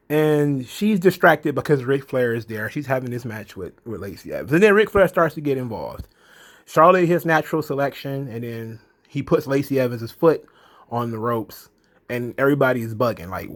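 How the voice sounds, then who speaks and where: A man hosting a casual commentary vlog, laughing often and talking loosely with profanity. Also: a little high.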